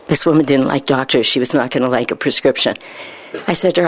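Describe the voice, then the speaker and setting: A woman internist telling a story from her practice, acting out the dialogue with lively quoting. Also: low voice, a little fast, slightly rough. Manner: animated, acts out quoted dialogue. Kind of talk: storytelling talk.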